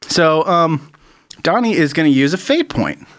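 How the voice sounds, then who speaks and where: A man's voice: on the high side, expressive, a little slow. A man narrating a tabletop game as game master, talking loosely and laughing often.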